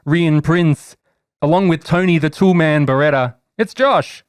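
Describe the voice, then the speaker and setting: Smooth-voiced podcast host. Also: male voice, fairly high pitch, measured pace, no room sound. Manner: upbeat, teasing, introducing guests. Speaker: podcast host and game master. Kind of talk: casual podcast chat.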